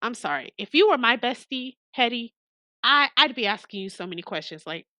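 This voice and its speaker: A woman's voice: on the high side, animated, brisk, pushed and bright, no echo. A woman streamer playing a visual novel, reading it aloud and giving playful, sassy asides to the characters. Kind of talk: casual game commentary and reading aloud.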